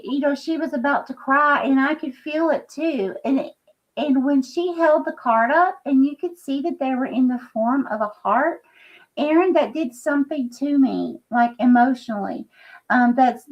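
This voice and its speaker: A woman giving an earnest, halting psychic reading on a live stream, full of fillers and check-ins. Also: high voice, highs cut off. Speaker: psychic reader using scrying.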